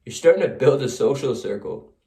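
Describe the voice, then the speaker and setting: A man's voice: mid-range voice, expressive, brisk, warm tone. A man telling a casual second-person story, setting the scene vividly, in a roomy, echoey recording. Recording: roomy echo.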